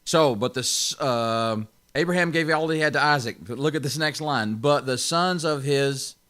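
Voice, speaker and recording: A man's voice: medium pitch, moderate pace, fairly bright tone. A man pastor giving an informal Bible teaching, stressing key words and chuckling often.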